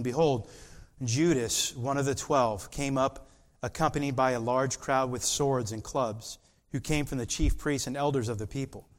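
A man preaching a sermon, reading scripture aloud and acting out Peter's insistent lines with rising emphasis. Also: mid-range voice.

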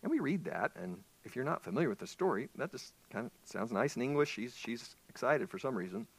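A male pastor preaching a sermon in an animated way, asking the congregation questions. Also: medium pitch, fairly quick, creaky, breathy edge, no echo.

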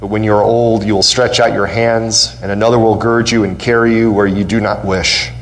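A pastor with a lowish voice and flat, brisk delivery preaches in a church sanctuary, his fervor steadily rising. Questions and quotes send his voice upward, and he repeats phrases for emphasis, on poor audio.

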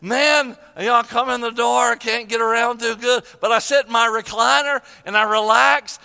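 Older male preacher, high bright voice, heartfelt storytelling sermon, long hall reverb. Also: steady tone, normal speed, gravelly, smooth. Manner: emotional storytelling, preaching with repeated phrases.

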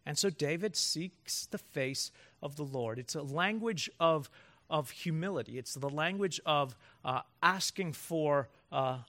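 A man's voice: fairly high pitch, measured pace, pushed and bright. A man preaching a sermon as pastor to his congregation, emphatic and building through rhetorical questions.

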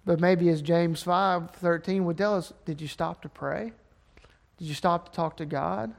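A man's voice: fairly high pitch, a little slow, gravelly. A man from Alabama with a Southern accent, preaching a sermon with impassioned, emphatic build-ups. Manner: impassioned, rising to emphatic peaks.

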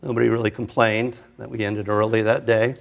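Animated man preaching a sermon. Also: on the low side, fairly quick, gravelly. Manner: animated, talks through restarts and asides. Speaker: pastor. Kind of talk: conversational sermon.

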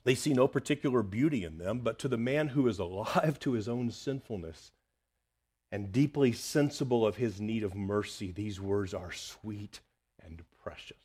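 A man preaching a sermon earnestly, rising to loud emphasis and dropping to hushed, near-whispered lines. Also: fairly low pitch, moderate pace, slightly rough. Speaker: pastor.

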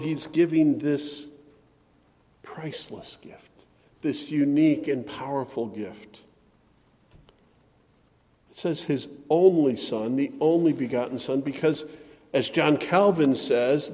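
Recorded in a large hall, this slightly high-voiced man delivers his sermon as pastor with careful deliberation, moving between soft phrases and forceful emphasis.

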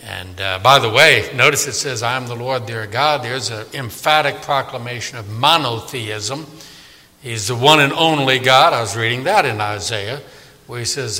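A man's voice: mid-range voice, moderate pace, long reverb tail. A man preaching a conversational Bible sermon, often asking his listeners questions. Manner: animated, conversational, asks the audience questions.

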